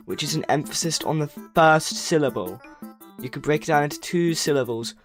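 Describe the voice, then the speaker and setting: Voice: medium pitch, moderate pace, faint music behind. A livestreamer chatting casually, rambling, correcting themself and reading chat messages aloud. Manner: self-correcting, stumbles over words.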